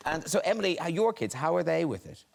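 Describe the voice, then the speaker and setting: A man's voice: fairly high pitch, very animated, quick pace, creaky. A man hosting a talk show, asking teasing questions in playful banter.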